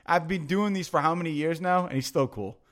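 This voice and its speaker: A man in his own relaxed talking voice, spinning loose, meandering stories. He swears freely and leans hard on fillers like "like" and "you know," restarting as he goes. It sounds like easy, offhand banter between friends. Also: on the high side, a little fast. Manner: rambling, profane, filler-heavy anecdotes. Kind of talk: casual storytelling chat.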